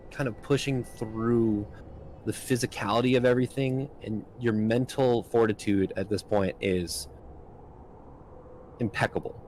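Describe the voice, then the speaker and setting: A man's voice: medium pitch, a little mellow, a little hiss or hum, low-quality recording. A man narrating as game master of a tabletop game, casual with frequent ums and likes.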